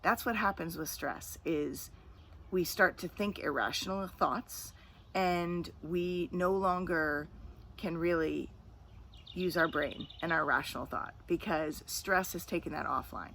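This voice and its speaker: A middle-aged woman speaking as a coach, giving a calm, earnest self-help talk with repetitive phrasing. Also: fairly low pitch, a little slow, gravelly, slight background noise.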